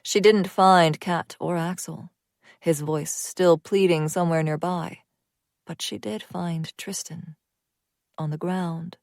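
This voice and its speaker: A woman narrating a dark fantasy audiobook in a measured way, often sinking to near whispers. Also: lowish voice, fairly even intonation, vocal fry, no room sound, studio quality.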